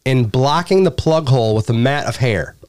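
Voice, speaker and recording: A man's voice: medium pitch, expressive, normal speed, darkish tone. A male host reading product reviews aloud in casual chat, breaking into laughter and crude jokes. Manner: laughs often while reading, crude humor. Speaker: podcast host.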